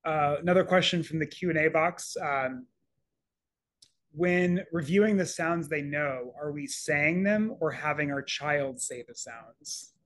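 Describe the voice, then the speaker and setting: A man moderating a live online session, briskly reading audience questions aloud. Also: a little high, a bit bright.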